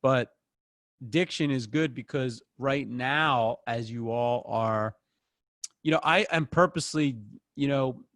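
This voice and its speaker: Casual male acting teacher, animated, dry close-miked sound. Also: mid-range voice, takes it slowly, dry recording. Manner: casual, animated, acts out quotes. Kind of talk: online acting class. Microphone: close microphone.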